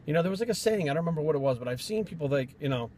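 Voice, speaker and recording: A man's voice: on the high side, animated, very fast, darkish tone, a little hiss or hum. A man from Rhode Island, a fitness trainer, telling stories in a blunt, profane, rambling vlog rant.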